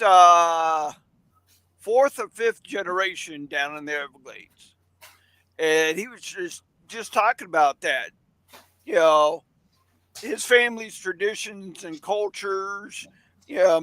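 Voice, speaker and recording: A man hosting an interview, giving brief agreeing replies and telling a short story in an unhurried way. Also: sits high, bright, forceful tone, no room sound, poor audio. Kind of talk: conversational interview.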